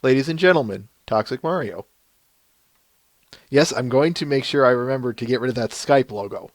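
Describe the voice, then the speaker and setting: A man's voice: mid-range voice, moderate pace, no room sound. A man with a Minnesotan accent hosting a casual live-stream podcast, chatty and laughing, often restarting his sentences. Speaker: podcast host.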